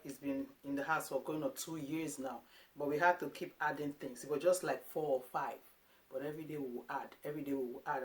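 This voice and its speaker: Woman in her thirties from Africa, parenting vlogger, casual and animated talk to camera, slips into quick impressions of herself and her kids. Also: low-pitched. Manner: animated, acts out quotes of herself and her sons.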